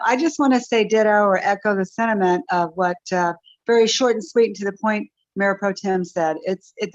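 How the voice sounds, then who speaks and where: A woman's voice: mid-range voice, no room sound, lo-fi sound. A woman from Northern California giving a blunt, sarcastic public comment with many restarts.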